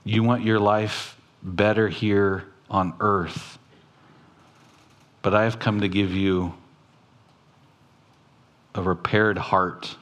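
A man preaching a sermon in an unhurried, measured way. His voice sits on the low side. He quotes scripture and then talks plainly to his listeners, with his voice lifting now and then. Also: fairly even intonation, fairly bright tone. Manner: preaching slowly, quoting scripture, with sudden rises in pitch. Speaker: pastor.

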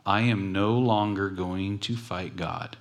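A man voicing an old father who speaks slowly, gravely and with resignation, in a sermon retelling. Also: fairly even intonation. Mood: solemn. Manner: slow, low and grave.

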